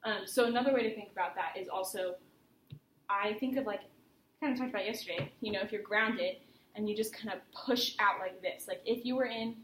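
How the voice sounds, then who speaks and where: A woman's voice: mid-range voice, a little fast, a bit bright. A woman voice teacher giving a private singing lesson, chatty and encouraging as she explains with vivid images. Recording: roomy studio with faint noise.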